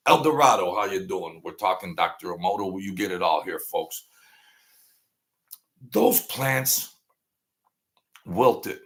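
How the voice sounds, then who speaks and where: A man in his sixties with a gravelly, somewhat low voice chats loosely with his live-stream audience. He wanders off on tangents and chuckles at his own jokes. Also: slow, pauses often. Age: 60s. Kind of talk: casual live-stream chat with viewers.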